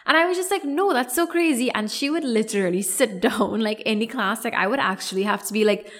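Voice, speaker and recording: A woman's voice: mid-range voice, lively intonation, quick pace, fairly bright tone. A young adult woman, a yoga teacher, telling a personal story on her podcast in a chatty, rambling way full of "like". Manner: chatty, rambling, heavy on 'like'. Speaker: podcast host.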